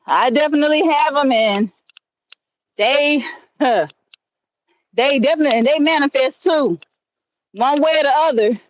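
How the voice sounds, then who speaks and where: A woman's voice: sits high, moderate pace, pauses often. A woman telling stories on a livestream, rambling and conversational with many fillers and restarts, talking into her phone. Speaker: livestream host. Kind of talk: casual storytelling on a livestream. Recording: dull lo-fi stream audio.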